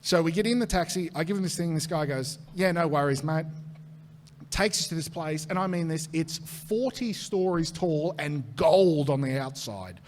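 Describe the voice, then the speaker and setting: A man with an Australian accent, a comedian guest telling a long comic anecdote to a live audience, animated and swearing as he acts out the voices in it. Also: on the high side, moderate pace, hardly any pauses.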